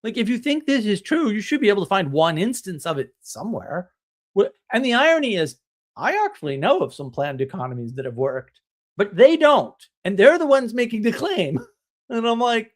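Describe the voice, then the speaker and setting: A man's voice: high-pitched, very animated, normal speed. A man hosting a live stream, ranting in a casual, blunt and scornful way, with sarcastic laughs. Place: home, drinking tea on stream.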